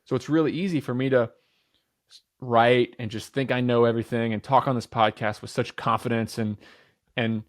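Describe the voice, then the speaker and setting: An energetic man in his thirties speaks as a podcast guest, candid and sure of himself, cursing now and then. The sound is dry and close, with no room around it. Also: medium pitch, normal speed, dry recording. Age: 30s. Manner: energetic, talks with certainty; candid, swears casually. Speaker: entrepreneur guest. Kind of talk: podcast interview.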